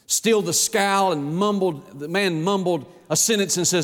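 A pastor preaching a folksy sermon that rises to shouting on its key points. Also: male voice, fairly high pitch, normal speed. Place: church sanctuary. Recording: long church reverb.

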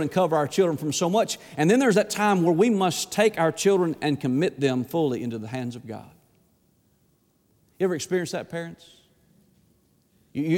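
With a big-room sound, a man whose voice is on the high side preaches as a pastor. He grows impassioned, repeating words as he builds, and then lowers to a hushed plea.

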